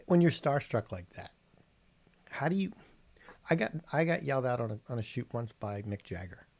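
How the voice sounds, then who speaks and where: A man's voice: mid-range voice, big pitch swings, moderate pace, darkish tone. A man hosting a podcast, chatting casually with his guest. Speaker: podcast host. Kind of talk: casual interview chat.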